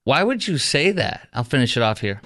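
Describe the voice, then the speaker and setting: A man's voice: medium pitch, sing-song, a little fast, bright, forceful tone, slight background noise. A man hosting a radio talk show in a studio, ranting in a heated, mocking way with lots of fillers. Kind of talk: opinionated talk radio monologue.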